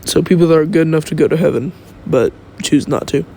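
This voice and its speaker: Talking quickly in a warm, creaky voice on the high side, a young man invents a fan-fiction story on the spot, rambling and thinking aloud into his phone. A slight hiss or hum can be heard.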